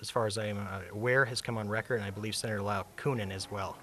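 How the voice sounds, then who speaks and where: A man making a press conference statement, firm and emphatic as he builds his points. He talks fast in a fairly low voice. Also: steady tone, pushed and bright, slight background noise. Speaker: executive director of an advocacy group.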